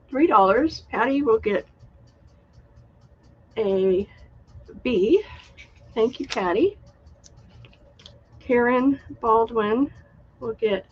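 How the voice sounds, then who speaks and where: A woman hosting a live online craft sale, chatty and unhurried, showing handmade items and reading out winning bidders. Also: on the high side, darkish tone, breathy edge, lo-fi sound. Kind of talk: live online sales stream.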